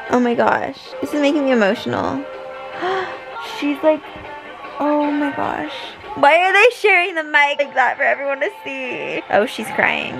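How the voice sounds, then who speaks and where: A woman's voice: sits high, creaky, low-quality recording. A young woman vlogger reacting emotionally to a TV finale, gasping and exclaiming at the screen.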